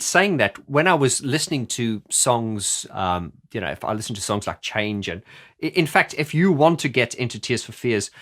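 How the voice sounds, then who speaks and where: A man's voice: mid-range voice, a bit bright. A middle-aged man explaining singing technique as a vocal coach in a chatty video, often stumbling over restarts.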